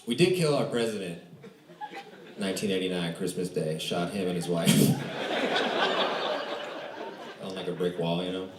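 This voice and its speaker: A young man from Romania doing stand-up, telling dark jokes in a dry, low-key way on a comedy club stage. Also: brisk. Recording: roomy echo, distant mic, noisy club.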